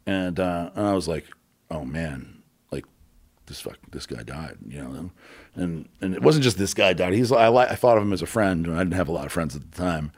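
A man candidly telling a personal story as an interview guest, halting, with many fillers and blunt swearing. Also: low voice, expressive, a little mellow.

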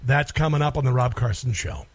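A man's voice: medium pitch, steady tone, brisk. A middle-aged man hosting a talk radio show, holding forth in a rambling, emphatic monologue with lots of fillers and restarts.

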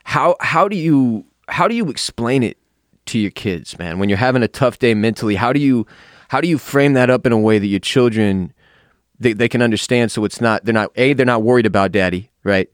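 A man's voice: mid-range voice, animated, brisk, no echo, clean studio sound. A man hosting a podcast, frank and open, swearing freely with many hesitant fillers in candid casual talk. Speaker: podcast host.

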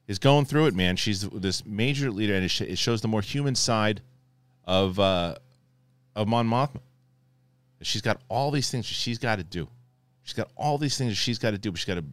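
A man gives a casual spoiler review in a fairly low voice. He talks excitably and rambles, often restarting his sentences. The recording sounds close and dry. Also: dry recording. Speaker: host reviewing a TV episode.

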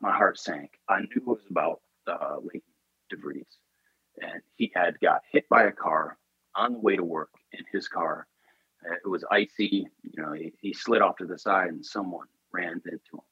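A man's voice: low voice, slightly rough, no echo, highs cut off. A man in an interview, telling a personal story in an earnest, intense way. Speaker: podcast guest.

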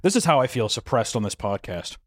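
A young man co-hosting a podcast in casual chat, animated and profane, often acting out voices. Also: medium pitch, a little fast, dry recording, clean studio sound. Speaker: podcast co-host.

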